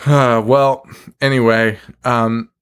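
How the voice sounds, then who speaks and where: With a clear, resonant, medium-pitched voice that barely moves in pitch, a podcast host recaps slowly in casual chat. He's wry and profane, laughing often along the way.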